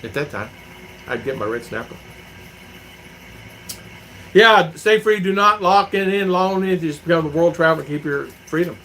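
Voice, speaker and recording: A man's voice: fairly high pitch, lively intonation, moderate pace, long pauses, bright, forceful tone, a little hiss or hum, poor audio. A middle-aged man from the United States chatting casually on a livestream, rambling and repeating himself as he tells folksy stories and answers viewer comments at home. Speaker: vlogger reading viewer comments.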